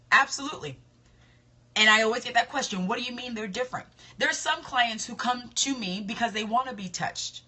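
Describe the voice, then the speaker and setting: Lady esthetician coaching folks on a livestream, confident, says things twice for emphasis, bright voice with a bit of husk. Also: mid-range voice, husky. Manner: confident, emphatic, repeats points. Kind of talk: casual live-stream talk. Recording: live stream video.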